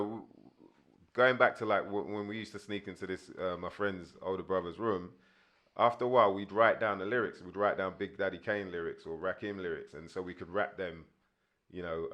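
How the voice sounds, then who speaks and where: A man's voice: low voice, fairly even intonation, normal speed, a bit bright. A man in his thirties, a guest rapper telling rambling stories in a casual interview, full of fillers.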